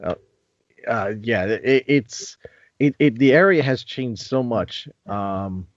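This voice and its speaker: A man's voice: mid-range voice, slow pace, no echo, highs cut off. Hesitant podcast host man, dry sound. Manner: hesitant, lots of ums. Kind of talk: casual podcast interview.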